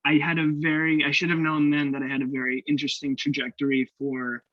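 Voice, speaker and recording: A young man from Canada, a guest actor telling stories in a casual interview, animated and laughing, acting out the voices he quotes. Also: fairly high pitch, quick pace, no echo. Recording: dull lo-fi dry sound.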